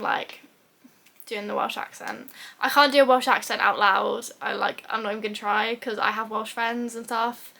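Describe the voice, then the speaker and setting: A woman's voice: a little high, vocal fry, a bit bright. A young woman chatting casually about books as a vlogger, full of fillers and giggles. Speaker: book vlogger. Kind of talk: casual book review chat.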